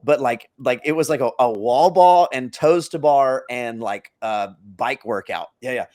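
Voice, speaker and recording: A man's voice: medium pitch, measured pace, a little mellow. A man co-hosting a podcast, telling a long story in a rambling, self-interrupting casual chat. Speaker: podcast co-host.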